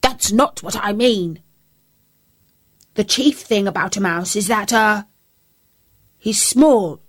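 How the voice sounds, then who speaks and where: A woman's voice: medium pitch, takes it slowly, slightly rough. A woman voicing a scruffy, clever old dog with a hearty, cheerful way of talking. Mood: eager.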